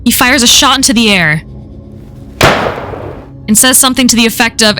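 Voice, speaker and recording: A woman's voice: fairly high pitch, normal speed, long pauses, over music. A woman reading a first-person horror story aloud in a casual, profane way. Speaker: story reader.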